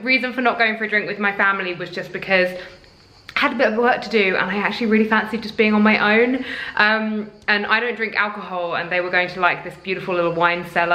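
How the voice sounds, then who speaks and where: A woman's voice: mid-range voice, pushed and bright, low-quality recording. Young woman, lifestyle vlogger, rambling upbeat chat to a handheld camera, mid-range voice. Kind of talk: casual vlog chat to camera.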